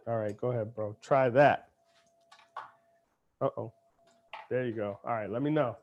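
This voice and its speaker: A man's voice: medium pitch, a little slow, pauses often, muffled recording. Playful chatty chef, a man. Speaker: cooking show chef. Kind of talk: cooking demonstration. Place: kitchen.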